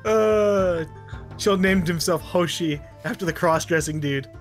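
A man chatting casually while playing an online game with friends, laughing often and explaining his strategy in quick bursts. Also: high-pitched, soft background music. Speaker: game player. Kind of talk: casual gaming chat.

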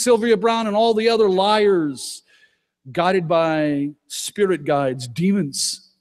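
A man preaching at a conference, emphatic, swinging between loud declarations and low, intense asides. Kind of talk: conference sermon. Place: conference hall. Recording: long hall reverb.

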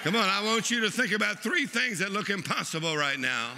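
A preacher, delivering an exuberant sermon and leading the congregation in laughter. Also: male voice, sits high, very animated, fairly quick, background noise. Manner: exuberant, leads the crowd in laughing. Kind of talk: lively sermon.

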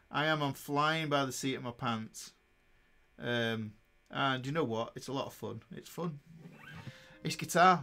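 A man's voice: on the high side, a bit bright. Chatty, upbeat man teaching guitar. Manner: chatty, upbeat, talks while playing, laughs often. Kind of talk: casual guitar lesson. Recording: faint guitar music behind. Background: guitar playing.

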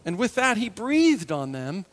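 Animated, high-voiced male preacher. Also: measured pace, long reverb tail. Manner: animated, acts out voices of biblical figures; drops to a hush for tender moments. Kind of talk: sermon.

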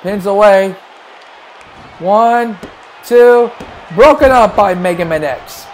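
A man calling wrestling play-by-play, excitable and breaking into shouts at big moves. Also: high voice, slow pace, a faint crowd, a little hiss or hum, low-quality recording. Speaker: play-by-play commentator.

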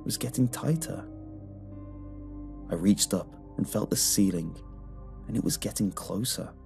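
Deep gravelly male horror narrator. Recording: soft music underneath.

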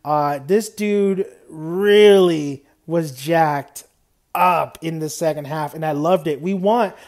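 A man's voice: fairly high pitch, slow pace, a little mellow. A young man giving a casual, unscripted anime review, rambling loosely and dropping "man" and "you know" often.

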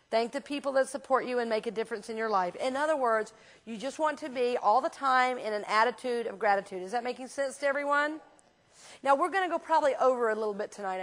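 A woman minister teaching a class in a church, talking casually and telling lively anecdotes with frequent restarts. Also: a little high. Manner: chatty, animated storyteller with frequent restarts.

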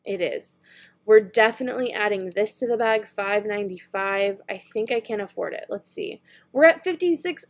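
Browsing makeup online, a young beauty vlogger keeps up a casual, thinking-aloud chatter full of giggles. Her voice runs on the high side and sounds creaky.

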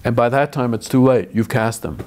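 An older man, a film director, speaks at medium pitch in a brisk, slightly mellow voice. In an interview conversation he talks thoughtfully, restarting often and letting out dry chuckles.

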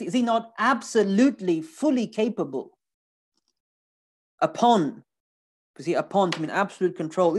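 A man's voice: fairly high pitch, darkish tone. A man giving a recorded lecture on scripture, talking animatedly and emphatically, with rhetorical questions and words repeated for emphasis.

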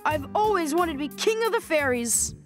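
A woman's voice: very high voice, lively intonation, moderate pace, over music. A woman voicing a mischievous male fairy trickster who talks in theatrical singsong rhymes, in a cartoon. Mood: grand. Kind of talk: cartoon voice acting.

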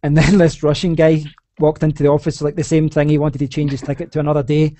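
A man's voice: on the high side, little pitch movement, fast, warm tone, no echo. A young Scottish man hosting a casual podcast chat, talking in a rambling way with many restarts. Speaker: podcast host.

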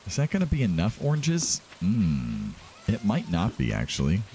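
A man's voice: fairly low pitch, huge pitch swings, normal speed, mellow, a little hiss or hum. A man hosting a let's play, chatting casually and thinking aloud as he plays. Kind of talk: casual gameplay commentary. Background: game music.

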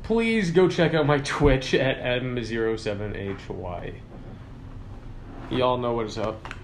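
A man making a casual phone vlog, hyped up and swearing, with loud exclamations as he talks. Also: medium pitch, slow pace, a little hiss or hum. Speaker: streamer.

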